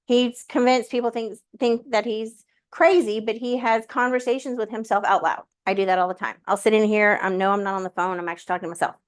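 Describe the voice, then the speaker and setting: This guest speaks briskly with few pauses in a mid-range voice, telling a personal story casually. Animated and full of fillers, she performs her own inner dialogue, acting out her conversations with the universe.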